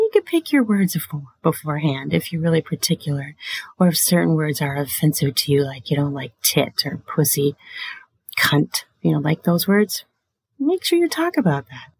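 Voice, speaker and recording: A woman hosting a sex and relationship advice show in a casual monologue, blunt and full of swearing, often laughing and slipping into breathy whispers. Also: deep voice, darkish tone, no room sound.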